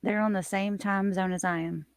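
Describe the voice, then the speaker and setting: A woman hosting a casual live stream, chatting and greeting her viewers by name in an animated way. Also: normal speed, clean tone, no echo, clean studio sound. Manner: animated, lively swings in pitch and loudness.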